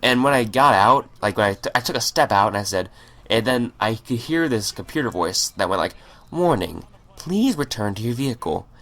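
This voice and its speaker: A man's voice: lowish voice, brisk, bright, forceful tone. A man telling a story in a rambling, profane way over gameplay, stammering and restarting his sentences. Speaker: gaming channel host.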